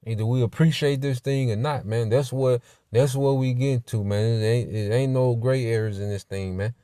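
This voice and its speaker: A man's voice: medium pitch, steady tone, moderate pace, warm tone, dry recording, studio quality. A man teaching a church Bible lesson in a conversational way, full of "you know" and "man".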